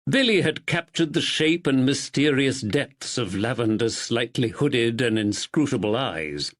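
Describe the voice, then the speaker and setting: A man reading a mystery audiobook in a measured, expressive style. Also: mid-range voice. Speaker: audiobook narrator. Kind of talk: scripted narration.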